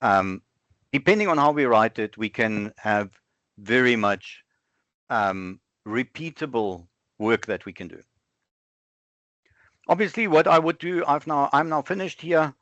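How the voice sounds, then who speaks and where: A man presenting a live software demo over an online webinar, thinking aloud in a conversational way and often correcting himself. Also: mid-range voice, dry recording. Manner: conversational, self-correcting, halting fillers. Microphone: online webinar with screen sharing. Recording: dull, dry lo-fi online call audio.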